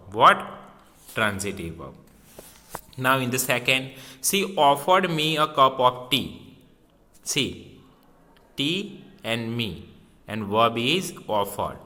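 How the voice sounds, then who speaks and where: A man's voice: mid-range voice, sharp tone. A man teaching a grammar lesson, repeating key words and asking and answering his own questions. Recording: long reverb in a hall.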